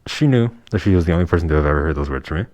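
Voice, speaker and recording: A young man with a deep, low-pitched voice tells a personal story as a vlogger. He talks casually but heatedly, bluntly and with plenty of swearing. The sound is dry, with no room echo. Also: expressive, rapid-fire, a little mellow, lo-fi sound.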